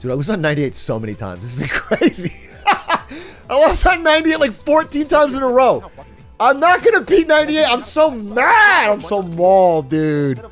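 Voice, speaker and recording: A man livestreaming a game and commenting as he plays. He is excitable, swears a lot and laughs often. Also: very high voice, normal speed, faint music behind. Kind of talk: live gaming commentary.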